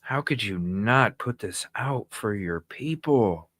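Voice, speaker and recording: A man's voice: fairly low pitch, animated, takes it slowly, hardly any pauses, a bit bright, no echo, clean studio sound. A man hosting a live news stream, talking in agitated, indignant bursts that ramble with restarts.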